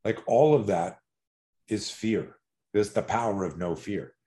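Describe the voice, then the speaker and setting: A man who coaches fighters, telling stories in a loose, animated conversation, swearing now and then and restarting his sentences. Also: lowish voice, a little slow. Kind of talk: casual podcast conversation.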